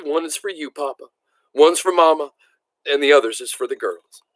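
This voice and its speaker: A man's voice: mid-range voice, lively intonation, fairly quick, bright, forceful tone, no echo. A man reading aloud, voicing an earnest young country boy from a novel. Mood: choked. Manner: earnest, choked. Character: shy young farm boy, tearful and earnest.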